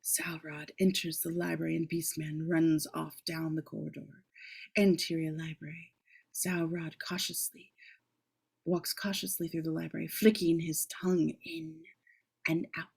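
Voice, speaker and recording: A woman's voice: deep voice, little pitch movement, a little slow, creaky, darkish tone, husky. A woman reading a screenplay aloud in a casual way, breaking off for joking asides and the odd swear word. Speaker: script reader.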